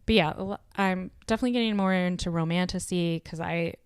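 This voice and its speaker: A woman's voice: lowish voice, a little fast, clear, resonant tone, no room sound, clean studio sound. A woman with a Southern US accent, a guest author chatting casually on a podcast with frequent ums.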